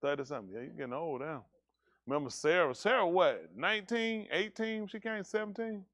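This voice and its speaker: A man's voice: on the high side, animated, fairly quick, a bit bright. A man leading a congregation, bantering casually and teasing people in a joking, folksy way.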